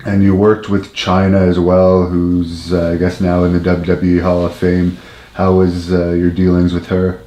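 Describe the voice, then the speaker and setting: A man's voice: sits low, completely flat delivery, moderate pace, dark tone. A man hosting an interview, asking direct and blunt questions. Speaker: interviewer, host. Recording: echoey room.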